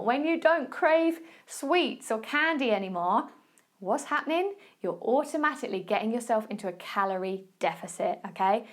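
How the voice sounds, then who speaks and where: A woman with an Essex accent talks straight to her listeners in a casual solo podcast. Her voice sits a little high, and her manner is friendly and encouraging. She keeps checking in with a quick "okay?" as she coaches. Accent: Essex English. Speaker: podcast host and nutrition coach.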